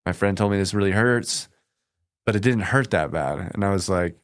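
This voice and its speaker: A man's voice: lowish voice, normal speed, clean tone, dry recording. A man from the United States, a podcast guest, telling combat stories in a plainspoken, matter-of-fact way in a studio. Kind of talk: casual storytelling in conversation.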